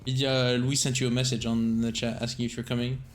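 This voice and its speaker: A man's voice: medium pitch, little pitch movement, fast talker. A man streaming a horror game, chatting casually and joking, with a rambling, swearing way of talking. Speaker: streamer, sound designer. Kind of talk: casual gameplay commentary.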